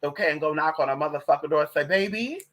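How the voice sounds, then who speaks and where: Speaking low and rapid-fire, a transgender woman who is a vlogger and witch delivers a casual monologue. She tells stories in an animated, gossipy way, sassy and profane, calling listeners honey and girl.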